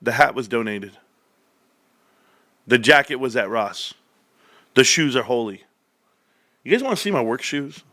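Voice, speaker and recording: A middle-aged man hosting a casual livestream, energetic and animated, laughing often. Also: mid-range voice, unhurried, pauses often, no echo, clean studio sound. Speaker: livestream host.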